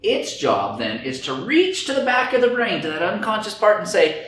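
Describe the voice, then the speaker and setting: Man lecturing lively in an echoey room. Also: high-pitched, normal speed. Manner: acts out inner voices in quoted dialogue. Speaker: speaker on anxiety and stress. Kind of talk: lecture to a group. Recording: very echoey room, faint background noise.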